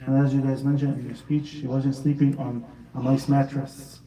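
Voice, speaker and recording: A man's voice: mid-range voice, little pitch movement, normal speed, warm tone. A man preaching to children at a house gathering, asking them questions as he tells a story that builds to emotional recitation. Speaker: speaker at a children's majlis. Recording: echoey room, speaker far from mic.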